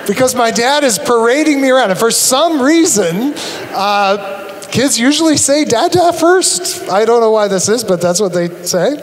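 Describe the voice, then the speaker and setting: A man giving a live conference talk to an audience, animated and humorous, acting out his examples as he explains. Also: very high voice, moderate pace, a little hiss or hum. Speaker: conference speaker. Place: large auditorium. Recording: long reverb of a large hall.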